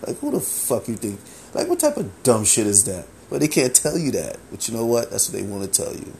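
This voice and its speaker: A man hosting a solo podcast, talking casually, animated and profane, with lots of filler phrases. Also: on the low side, brisk, vocal fry, a little hiss or hum. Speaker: podcast host.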